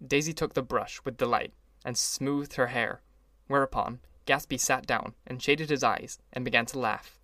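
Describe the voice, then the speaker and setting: Man narrating a novel, dry and measured. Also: medium pitch, steady tone, bright, forceful tone, dry recording. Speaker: audiobook reader. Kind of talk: scripted narration.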